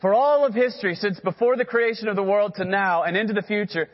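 A man's voice: high voice, quick pace, big-room sound, dull audio. A man preaching a sermon as pastor, earnest and direct, who has the congregation repeat phrases after him.

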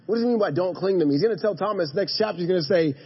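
A male pastor preaching a sermon in a church, moving from hushed emphasis to emphatic calls to his congregation. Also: high-pitched, very fast, slightly rough, highs cut off. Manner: dynamic preaching, drops to a hush then rises to emphatic calls; addresses the congregation directly. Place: church sanctuary.

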